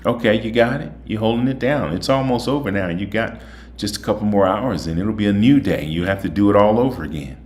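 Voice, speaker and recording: Male host, very low voice, folksy and chatty, a bit tired. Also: a little fast, darkish tone. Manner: chatty, folksy, repeats "okay?". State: voice a little tired. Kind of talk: casual monologue and phone chat.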